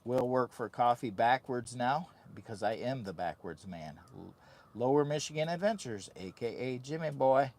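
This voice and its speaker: A man's voice: medium pitch, lively intonation, moderate pace, a little mellow. A man with a mid-range voice rambles goofily while camping in a heated tent. He speaks into a phone camera and hypes himself up. The sound is close and intimate. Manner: goofy, rambling, hyped-up. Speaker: vlogger host. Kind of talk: casual camping vlog.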